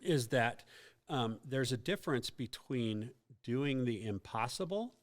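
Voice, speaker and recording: A man's voice: mid-range voice, animated, measured pace. A man hosting a casual youth ministry podcast, explaining faith questions in a teacherly way with many fillers and joking asides.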